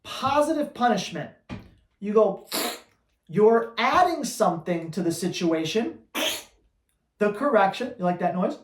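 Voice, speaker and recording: A man's voice: high voice, animated, measured pace, pauses often, reverberant. A man who trains dogs, answering viewer questions in a blunt, teasing, emphatic way. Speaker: dog trainer.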